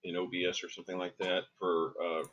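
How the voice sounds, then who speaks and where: A man's voice: deep voice, monotone, fast, a bit bright. A man, a tabletop game player, chatting politely over an online call. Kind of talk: casual chat. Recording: dull lo-fi voice call.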